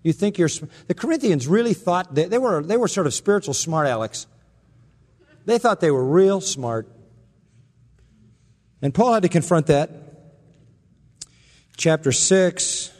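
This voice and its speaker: Man, pastor, emphatic sarcastic sermon, slightly high voice, echoing church hall. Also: expressive, measured pace, long pauses, darkish tone. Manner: sarcastic, emphatic preaching with rising intensity. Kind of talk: expository sermon.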